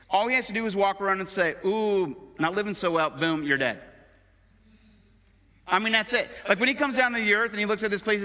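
A middle-aged pastor gives a sermon in a warm, chatty way, leaning on everyday examples from family and sport. His voice is bright and forward and sits a little high. A long reverb from the church sanctuary trails every phrase. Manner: conversational preaching with everyday examples.

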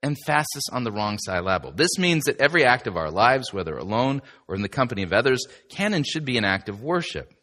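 A man's voice: mid-range voice, very animated, fast, hardly any pauses, bright, forceful tone. A male pastor giving a sermon-style teaching in a chatty, emphatic way, with asides to the listener.

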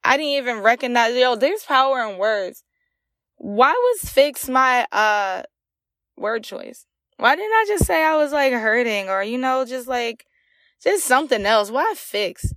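A woman's voice: fairly high pitch, expressive, unhurried, a bit bright, no echo, clean studio sound. A young woman hosting a solo podcast, telling a raw, emotional personal story with many fillers. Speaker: podcast host. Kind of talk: candid solo podcast monologue.

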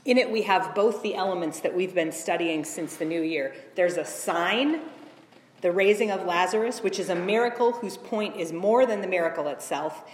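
A woman's voice: fairly low pitch, moderate pace, a little hiss or hum. A woman reading scripture expressively during a sermon, adding her own asides. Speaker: preacher. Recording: echoey hall.

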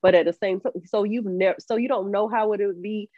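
A woman's voice: medium pitch, steady tone, fairly quick, dry recording. Candid woman co-host, dull dry audio. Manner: earnest, candid, laughs between points. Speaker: podcast co-host. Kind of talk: casual podcast conversation. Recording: slightly dull, muffled audio.

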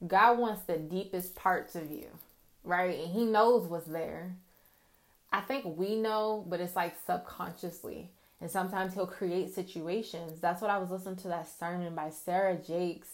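With a lowish voice, fairly even intonation and a slightly slow pace, a woman gives heartfelt, casual testimony. She confides in her viewers about prayer and her Christian faith, speaking openly and earnestly.

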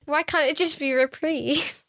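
A woman's voice: high-pitched, fairly even intonation, a little slow, fairly bright tone, no room sound, clean studio sound. A young woman co-hosting a podcast in casual chat, playful and teasing, often breaking into giggles. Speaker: podcast co-host.

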